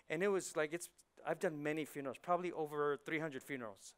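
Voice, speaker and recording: A man preaching a lively sermon in a church, dropping to near whispers and rising to excited shouts, often acting out quick voices. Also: a little high, smooth. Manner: animated, swings from hushed to shouting, acts out voices. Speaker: pastor. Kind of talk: energetic sermon. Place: church hall.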